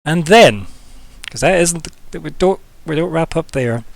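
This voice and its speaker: A man's voice: fairly high pitch, lively intonation, a little slow, vocal fry. Man rambling as game master. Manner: casual and rambling, with many fillers. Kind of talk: narrating a tabletop game.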